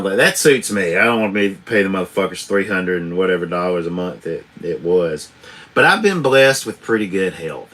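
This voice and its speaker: On a live stream recorded with a tablet camera, a truck driver with a low, slightly bright voice chats casually and rambles. He curses freely and chuckles a lot.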